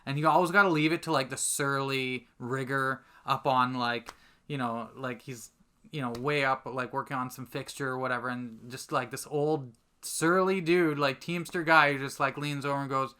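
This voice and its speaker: A man telling a lively anecdote as a guest on a casual podcast, full of fillers and restarts. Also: mid-range voice, moderate pace, smooth. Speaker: podcast guest, commercial content producer. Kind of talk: casual storytelling chat.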